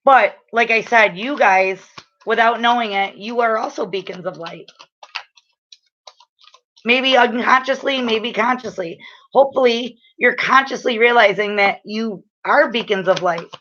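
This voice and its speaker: A woman giving a casual live-stream oracle card reading, rambling with lots of fillers and restarts, and getting loud and excited as she talks. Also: fairly high pitch, measured pace, lo-fi sound. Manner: excitable and loud when enthused.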